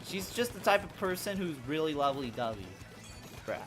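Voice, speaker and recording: Over music, a young woman's low, fairly quick voice rants about game characters during a casual live stream. She's animated and profane, and "bro" comes up often.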